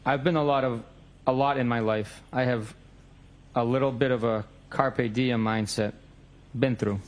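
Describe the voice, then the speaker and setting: A man's voice: medium pitch, steady tone, unhurried. A man in a courtroom reading out both sides of a text message exchange, stating the date and time of each message.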